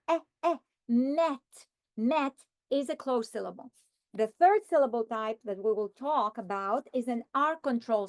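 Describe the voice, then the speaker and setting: A woman modeling a phonics lesson for teachers, stretching out vowel sounds and words one at a time. Her voice sits fairly high, and the recording is dry and close. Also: fairly bright tone, no echo. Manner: slow, deliberate sounding-out of words. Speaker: teacher trainer.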